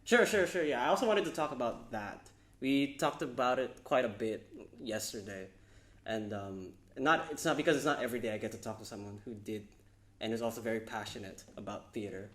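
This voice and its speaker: A man's voice: mid-range voice, brisk, fairly bright tone, roomy sound. A man hosting a podcast, asking friendly questions with lots of fillers. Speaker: podcast host. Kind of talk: casual podcast interview.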